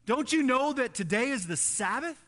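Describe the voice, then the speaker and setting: A man's voice: extremely high pitch, expressive, moderate pace, fairly bright tone, big-room sound, pitched above the performer's own voice. A preacher acting out an indignant religious leader who scolds a man for breaking the Sabbath. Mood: scolding.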